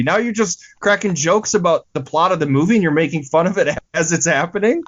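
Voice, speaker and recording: A fairly high-voiced man talks casually as a podcast co-host. He gets exasperated, swears freely and climbs into incredulous outbursts. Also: lively intonation, quick pace, few pauses, muffled recording. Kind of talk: casual movie-review chat.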